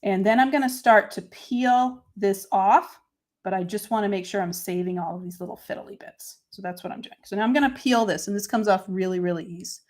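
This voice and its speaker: A woman's voice: mid-range voice, fairly quick, darkish tone. A woman hosting a live papercrafting stream, chatting casually as she narrates each step and greets viewers by name. She is self-deprecating and talks as she works with her hands. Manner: answers viewer comments by name.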